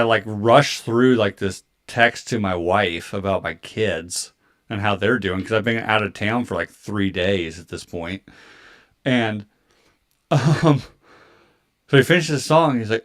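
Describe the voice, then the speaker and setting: A man in his thirties telling a story in casual chat, animated and full of filler words and swearing. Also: fairly low pitch. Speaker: podcast co-host.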